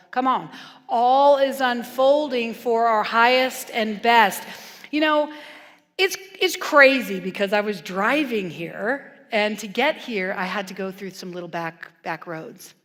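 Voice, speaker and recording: A woman minister giving a conversational sermon, animated and playful in her storytelling, turning hushed and earnest at times. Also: on the high side, measured pace. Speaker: guest minister. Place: church sanctuary. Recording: long reverb from a church hall.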